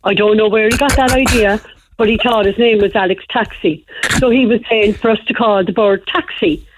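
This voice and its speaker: A woman's voice: mid-range voice, normal speed, noisy background. A woman, calling in to a radio show and telling a rambling, chatty story. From Ireland. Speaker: caller. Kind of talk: phone-in radio chat. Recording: muffled phone-in line.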